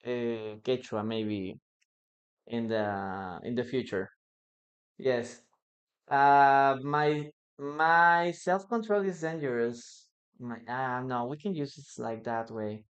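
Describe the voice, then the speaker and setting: Man, Peruvian Spanish accent, live online English teacher, unhurried, repeats phrases, greets viewers. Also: medium pitch. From Peru. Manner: greets viewers by name and reads chat aloud; repeats phrases slowly for learners.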